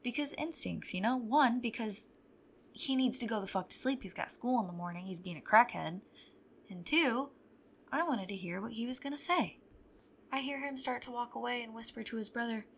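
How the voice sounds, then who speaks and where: A woman's voice: a little high, normal speed, a bit bright, slight background noise. A young adult woman hosting a podcast, telling stories in a candid, profane, wry way. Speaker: podcast host. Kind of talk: casual storytelling chat.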